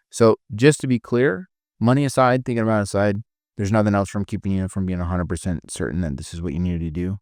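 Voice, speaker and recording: A male sales coach with a low voice talks through his lesson loosely and conversationally, full of fillers. The recording is close and dry. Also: fast talker, darkish tone, no room sound. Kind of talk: casual teaching talk.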